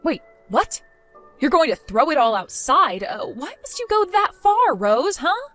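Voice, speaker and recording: A sarcastic, fed-up young wife, voiced by a woman, brushing off her mother-in-law with mockery. Her voice is fairly high and moves around a lot in pitch. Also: sing-song, measured pace, fairly bright tone, soft background music, heavily acted. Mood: indignant. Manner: sarcastic, mocking, dismissive.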